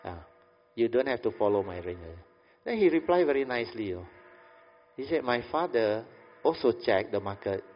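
A man's voice: medium pitch, lively intonation, normal speed, faint music behind. A man telling anecdotes in a Buddhist talk, often repeating "I said", chuckling, and asking "understand?". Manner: chuckles often between lines. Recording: dull reverberant hall recording.

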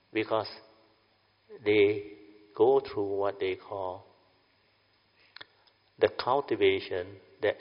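Older man giving a dharma talk. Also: sits low. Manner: chatty, keeps checking the audience with "huh?" and "understand or not?". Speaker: Buddhist meditation teacher. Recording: lo-fi recording in a reverberant hall.

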